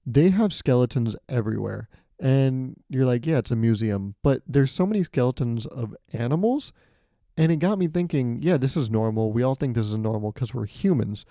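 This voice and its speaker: Animated young man riffing on a podcast. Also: moderate pace, no room sound. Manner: animated, profane, riffing with jumps to high pitch. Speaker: podcast host. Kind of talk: solo comedic podcast monologue. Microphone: close podcast mic.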